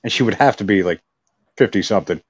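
A man co-hosting a podcast in casual chat, joking and relaxed. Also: lowish voice, quick pace, slightly rough, no echo, muffled recording. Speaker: podcast co-host.

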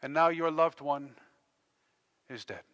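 A male pastor preaching an impassioned sermon, dropping to a hush and then rising to loud declarations. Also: fairly high pitch, slow pace, dull audio. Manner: impassioned, swinging between hushed and loud delivery. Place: church. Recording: long church-hall reverb.

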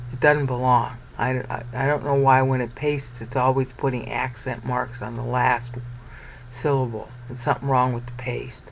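A man's voice: mid-range voice, little pitch movement, normal speed, creaky, slight background noise, rough recording. A man teaching a Bible study over a shared screen, blunt and sarcastic, pointing things out and checking in with "okay".

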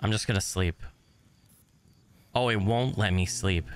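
A man's voice: lowish voice, unhurried, pauses often, a little hiss or hum. A man doing horror game commentary, talking to himself, swearing and panicking, sometimes whispering while he hides, on a desk mic. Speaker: gaming YouTuber. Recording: game music playing behind.

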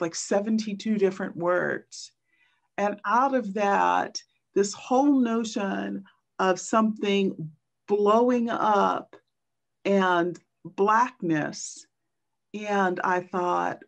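A woman poet and teacher tells stories on a video call, slow and halting with many pauses and fillers. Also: mid-range voice, vocal fry. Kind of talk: reflective storytelling in a virtual book talk.

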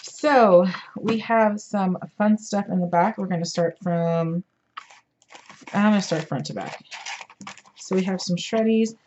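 A woman's voice: medium pitch, unhurried, darkish tone, dull audio, slight background noise. Tired, chatty woman unboxing craft supplies. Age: adult parent. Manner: chatty, enthusiastic, many fillers. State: tired, yawning. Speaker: craft vlogger. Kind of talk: casual show-and-tell.

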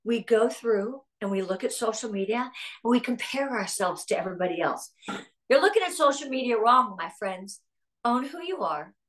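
A woman's voice: on the high side, expressive, normal speed, a bit bright. A middle-aged woman giving an upbeat, earnest talk to a sales team, answering a live chat and turning emotional at times. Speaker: guest speaker at a sales team meeting.

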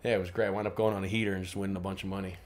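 A man co-hosting a casual podcast, telling stories and jumping into loud voices when he quotes people. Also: low-pitched, little pitch movement, very fast. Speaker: podcast co-host. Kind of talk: casual chat.

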